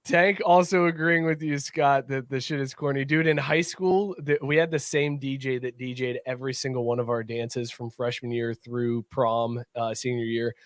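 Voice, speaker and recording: A man's voice: mid-range voice, normal speed, few pauses, no echo, studio quality. A man co-hosting a casual sports podcast, telling stories and laughing as he goes. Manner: lively storyteller who laughs mid-sentence. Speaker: podcast co-host. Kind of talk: casual chat.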